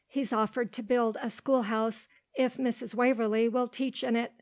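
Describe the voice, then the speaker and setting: A woman's voice: on the high side, fairly even intonation, moderate pace, lightly acted. A woman reading the lines of an old, gossipy male dog who talks in a folksy, ungrammatical way.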